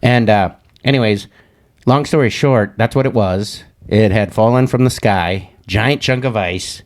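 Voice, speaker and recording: A man's voice: lowish voice, unhurried. A man co-hosting a casual comedy podcast, telling a rambling story and acting out the voices of the people in it. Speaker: podcast co-host.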